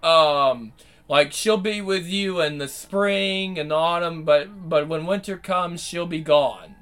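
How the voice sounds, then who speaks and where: Man, high voice, rambling commentary, profane, repeats himself, faint music behind. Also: fairly bright tone.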